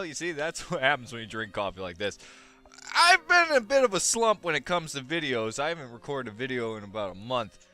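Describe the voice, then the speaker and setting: A man's voice: a little high, pushed and bright, smooth. A young man doing goofy, exclamatory let's play commentary on a close mic. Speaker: gaming YouTuber.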